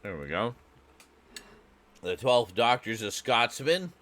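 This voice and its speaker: A man's voice: mid-range voice, big pitch swings, slow pace, fairly bright tone. A man from Canada chatting casually and joking as he reacts to a clip, rambling and laughing often. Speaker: reaction video host.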